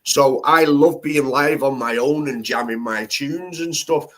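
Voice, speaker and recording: A man hosting a casual live-stream chat, rambling and animated, swearing freely. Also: medium pitch, a little slow. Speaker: livestream host. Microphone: home streaming setup.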